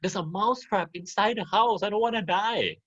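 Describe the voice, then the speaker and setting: A man voicing a scared little male mouse who pleads for help, in a squeaky voice, while telling a story to an online class. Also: normal speed, a bit bright, slightly rough, muffled recording. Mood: pleading.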